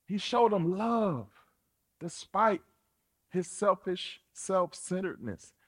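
Husky, animated preacher with a slow delivery. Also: male voice, high voice. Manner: animated, colloquial, playful preaching. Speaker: pastor. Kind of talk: sermon.

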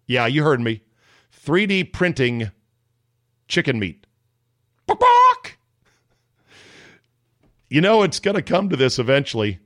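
A man's voice: mid-range voice, lively intonation, normal speed, fairly bright tone, dry recording, clean studio sound. A man hosting a daily sports talk podcast, riffing sarcastically on the news in a casual, joking way. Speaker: sports radio host. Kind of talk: casual solo commentary.

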